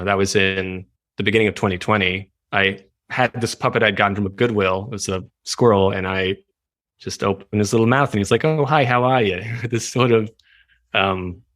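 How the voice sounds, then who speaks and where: A man speaking as a guest in a casual interview, animated and laughing often. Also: on the low side, moderate pace, no room sound. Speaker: writer, guest. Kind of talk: casual chat.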